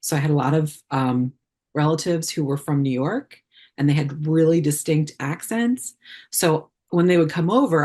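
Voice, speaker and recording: A woman's voice: sits low, normal speed, a little mellow, breathy edge. A woman guest on a podcast, a puppeteer, chatting casually with many fillers and restarts. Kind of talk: casual interview chat.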